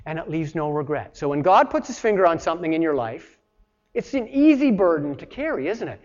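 A man's voice: high voice, sing-song, fairly quick, a little mellow. A man preaching a sermon in an earnest, plain-spoken way, talking straight to his listeners and acting out voices when he quotes someone. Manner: acts out voices when quoting. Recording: dull sound with long reverb.

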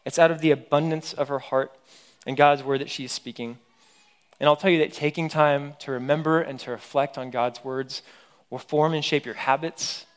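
A man's voice: fairly high pitch, steady tone, normal speed, clear, resonant tone. A pastor in his thirties preaching a sermon, earnest and emphatic, repeating key phrases.

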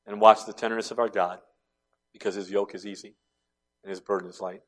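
A man preaching a sermon as pastor, building to loud impassioned cries and then dropping to soft, tender tones. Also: fairly low pitch, flat delivery, a little fast.

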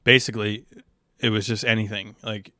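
A young man with a smooth, clear voice rambles through a casual solo monologue, wry and unfiltered, swearing freely. The sound is close and dry, with no room echo. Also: lowish voice, little pitch movement, moderate pace, sharp tone. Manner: rambling, crude and profane, wry. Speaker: stand-up comedian.

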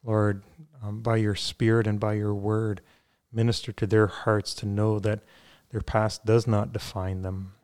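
A man's voice: lowish voice, flat delivery, measured pace, a little mellow, clear, resonant tone. A man talking earnestly on a faith podcast, with many fillers and restarts, then leading a prayer.

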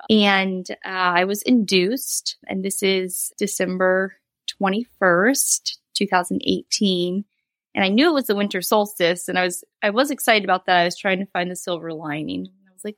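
A woman's voice: medium pitch, normal speed, a bit bright, no echo. A woman in her thirties, a guest telling a personal story in a candid, rambling way, with laughs and quoted asides. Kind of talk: casual interview storytelling.

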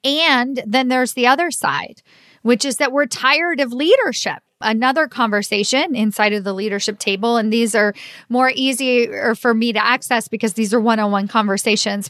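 A woman's voice: a little high, a bit bright, no room sound, clean studio sound. A middle-aged woman, a leadership coach talking through a solo podcast episode in an earnest, chatty way, full of "like" and "right?". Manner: conversational, fillers like "like" and "right?".

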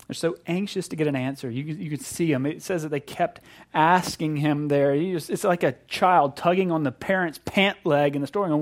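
A middle-aged man preaching a sermon, animated, acting out voices and swinging between loud emphasis and hushed moments. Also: on the high side, moderate pace. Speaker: pastor.

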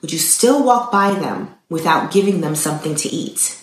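Earnest woman storyteller, lower voice, very animated, echoey room. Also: normal speed. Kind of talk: devotional storytelling. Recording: roomy echo.

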